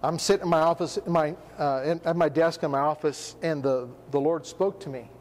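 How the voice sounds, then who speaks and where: A man preaching a sermon, firing off rhetorical questions with emphasis and sinking into a hushed tone for personal stories. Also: fairly high pitch, fairly even intonation, a little fast, big-room sound.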